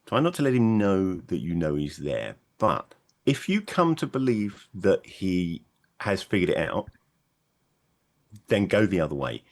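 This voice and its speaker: A man playing a tabletop game, speaking in character in a measured way and reasoning things through. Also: sits low, big pitch swings. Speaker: player. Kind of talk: in-character tabletop role-play.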